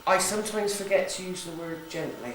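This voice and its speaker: A woman's voice: on the low side, fairly quick, fairly bright tone. West country woman running a ghost hunt, jokey and chatty, big echoey room, mic far off, some noise behind. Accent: West Country English. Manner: chatty, jokey, keeps checking with "okay?". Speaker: psychic ghost hunt host. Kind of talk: briefing a group on a ghost hunt. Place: large echoey room in an old building. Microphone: camera from a distance.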